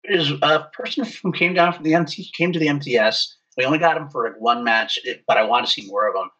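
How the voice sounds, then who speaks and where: A man's voice: fairly high pitch, quick pace, sharp tone, lo-fi sound. An enthusiastic man talking as a panel guest. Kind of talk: casual panel chat.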